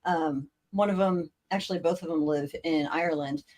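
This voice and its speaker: A woman's voice: deep voice, moderate pace, a little mellow. Woman podcast co-host, easygoing, chatty storyteller. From United States. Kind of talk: casual chat.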